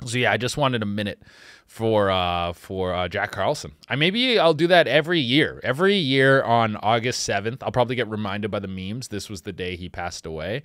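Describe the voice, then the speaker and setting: A man hosting a comedy podcast, rambling casually and swinging between loud outbursts and quiet mutters. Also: medium pitch, lively intonation, a little fast, no echo, studio quality. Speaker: podcast host.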